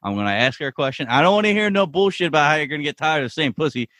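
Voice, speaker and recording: A man doing a rowdy, excited crew guy. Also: a little high, dry recording, clean studio sound, pitched above the performer's own voice. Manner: quick, rowdy paraphrase of a show character.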